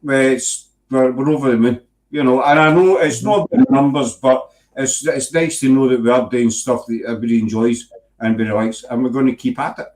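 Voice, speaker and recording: A man's voice: medium pitch, steady tone, brisk, hardly any pauses, a little mellow. A middle-aged Scottish man hosting a casual paranormal chat show, teasing and laughing often. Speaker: podcast host.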